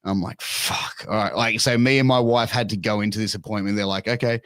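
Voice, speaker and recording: A man's voice: on the low side, fairly even intonation, quick pace, fairly bright tone, no echo. A man in his thirties with an Australian accent, telling a crude story in casual chat and swearing a lot. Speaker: podcast guest.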